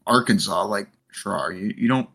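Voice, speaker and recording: A man's voice: on the low side, normal speed, creaky, bright, forceful tone, slightly rough. A man co-hosting a casual podcast, dry and teasing, swearing freely. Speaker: podcast co-host.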